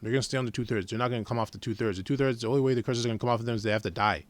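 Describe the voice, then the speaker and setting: A man preaching informally from scripture in a blunt, profane, heated way, reading the verses slowly and deliberately. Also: mid-range voice, steady tone, dry recording. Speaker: scripture teacher.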